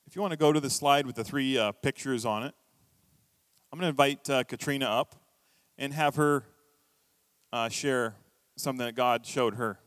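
A middle-aged man preaching a sermon in a church, telling stories with lively acted-out quotes. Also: mid-range voice, normal speed, pauses often, no echo, in a large hall. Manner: storytelling, animated, acts out quoted voices. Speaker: pastor. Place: church hall.

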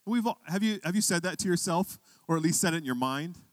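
A man's voice: high-pitched, lively intonation, quick pace, no room sound. A man preaching a sermon, telling a personal story conversationally and building to emphatic questions for his church. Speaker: pastor.

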